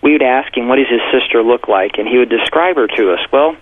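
A man's voice: medium pitch, fast. Man telling a story on a tinny line. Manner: animated, acts out quotes with raised voice. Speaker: pastor, author. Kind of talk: interview storytelling. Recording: tinny phone-like broadcast audio.

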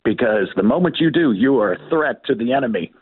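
Over a tinny, phone-like line, an older author being interviewed spins stories briskly, performing the voices of the characters. He speaks in a husky, medium-pitched, animated voice, and the recording is dry.

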